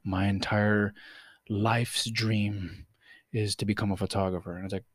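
A young man co-hosting a podcast, chatting casually, swearing a lot, and putting on quick voices when he tells a story. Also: lowish voice, no echo, clean studio sound. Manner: animated, swearing, puts on voices for the cat. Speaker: podcast co-host. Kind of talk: casual chat.

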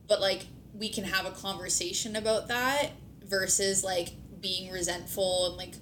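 A steady-toned, slightly bright woman hosts a podcast, casually chatting with her partner at normal speed with few pauses. She uses "like" a lot and swears occasionally, and the recording is noisy with a low rumble.

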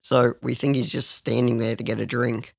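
Gravelly young man telling stories. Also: medium pitch, little pitch movement, moderate pace, no room sound. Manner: rambling, crude, with lots of restarts. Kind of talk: casual storytelling chat.

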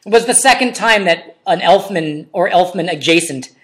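A woman's voice: on the low side, expressive, normal speed, a bit bright. A woman in a casual chat, making wry, jokey asides about a friend's story.

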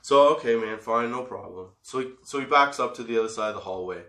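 A man's voice: mid-range voice, quick pace, a bit bright. A man with a mid-range voice hosts a podcast and tells stories in a loose, casual way. He swears freely and keeps breaking into laughter. His voice carries a roomy echo. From Canada. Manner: profane, laughs often through his stories. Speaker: podcast host. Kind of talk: casual storytelling.

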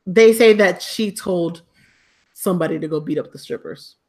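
A woman co-hosting a casual podcast, her voice sitting a little low. She talks in a loose, gossipy, slang-heavy way, trading celebrity news with her partner. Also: moderate pace. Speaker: podcast co-host. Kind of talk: casual chat.

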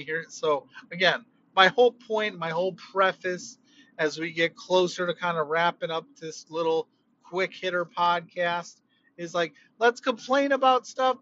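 A man hosting a quick podcast while driving home, talking casually and emphatically about wrestling. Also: high-pitched, highs cut off, slight background noise. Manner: animated, emphatic, conversational. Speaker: podcast host. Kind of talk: casual wrestling opinion rant.

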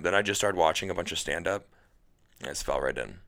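A young man talks through a casual podcast chat, his lowish voice bright and forceful. He rambles, restarts and fills his talk with "like". He sounds like a stand-up comic swapping stories. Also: quick pace. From Cleveland, Ohio. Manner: rambling, full of "like" and restarts, laughing. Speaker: comedian guest.

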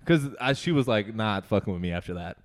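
A young adult man with a lowish voice tells a story at a brisk clip in a casual chat. He's animated and profane, and "like" turns up constantly.

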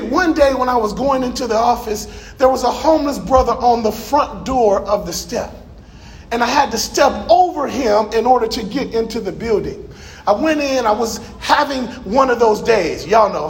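A middle-aged male pastor from Los Angeles, preaching a sermon in a church with emphatic, shouted bursts and calls to the congregation. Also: extremely high pitch, creaky.

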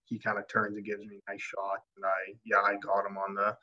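Excitable man telling a hunting story. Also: fairly low pitch, a little fast. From Alberta, Canada. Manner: excitable, rambling with restarts. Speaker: podcast guest, taxidermist. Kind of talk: casual storytelling. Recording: dull lo-fi podcast audio.

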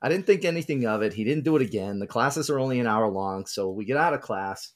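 A man co-hosting a podcast, telling a story in a laid-back, wry, deadpan way. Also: medium pitch, quick pace. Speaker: podcast co-host. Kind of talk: casual storytelling.

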